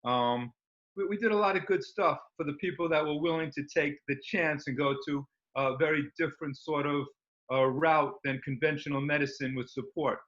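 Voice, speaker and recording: A man's voice: a little high, fairly even intonation, moderate pace, a bit bright. Eager rambling man on a dull recording. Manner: rambling and enthusiastic, many fillers. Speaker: guest. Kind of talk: casual interview talk.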